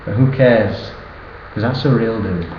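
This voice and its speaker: A man's voice: on the low side, unhurried, a little hiss or hum. A young man, reciting a cheeky rhyming birthday poem as a toast to his best friend. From northern England. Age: early 20s. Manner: cheeky, sing-song rhyming delivery. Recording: roomy, dull sound with faint ambience.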